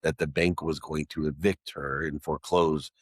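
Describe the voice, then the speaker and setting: Middle-aged guy, really deep voice, emphatic storyteller with alliterative lists, guest on an interview. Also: little pitch movement, normal speed, slightly rough, dry recording, clean studio sound.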